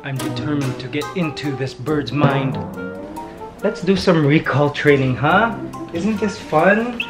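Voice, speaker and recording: A man vlogging at home, talking to his pet parrot in coaxing, sing-song baby talk between calm explanations. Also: a little high, measured pace, over music.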